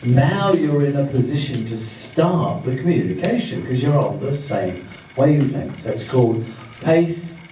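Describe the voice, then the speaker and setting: A male trainer teaching a live seminar in a room with an audience, demonstrating his points by mimicking fast and slow talkers. His voice is dark and mellow, heard from some distance away. The room is roomy and echoey, with a faint background hum. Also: mid-range voice, animated. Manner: demonstrative, acts out speeds and gestures as he explains. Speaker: communication trainer.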